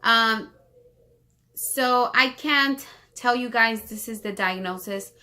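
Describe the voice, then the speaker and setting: Bright-voiced vlogging woman holding back tears. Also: on the high side. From Los Angeles, United States. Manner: rapid rambling with many fillers and restarts. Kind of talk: emotional personal storytelling.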